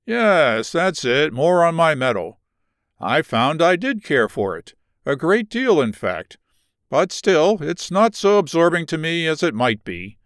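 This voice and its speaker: A man's voice: fairly high pitch, very animated, unhurried, a bit bright, clear, resonant tone, no room sound, studio quality. A man voicing a shy young prizefighter. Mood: earnest. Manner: hesitant, earnest.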